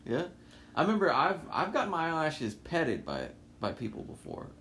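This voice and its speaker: A man co-hosting a podcast in casual chat, goofy and animated, often slipping into playful voices. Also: on the high side, moderate pace, a little hiss or hum. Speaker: podcast co-host.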